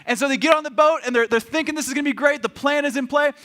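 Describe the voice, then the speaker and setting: Young male pastor, high and bright, animated storyteller in the pulpit. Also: rapid-fire. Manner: animated storytelling, acting out voices. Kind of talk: sermon.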